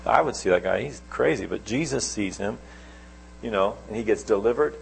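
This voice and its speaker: A middle-aged man preaching a sermon, telling stories with sudden swings between loud and soft. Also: on the low side, lively intonation, moderate pace, vocal fry, slight background noise, rough recording.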